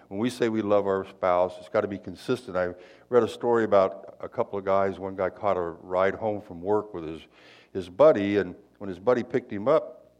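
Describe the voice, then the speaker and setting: A man's voice: deep voice, highs cut off. A male pastor giving a conversational sermon in a folksy, chatty way, full of asides and rhetorical questions.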